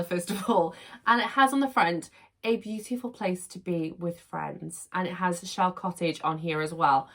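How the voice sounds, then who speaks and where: A young woman chats her way through an unboxing at home, gushing and excitable over each item. Her voice sits a little low for a woman, and she talks in a loose, casual way. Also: a little fast. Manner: gushing, excitable, laughs often. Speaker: unboxing vlogger.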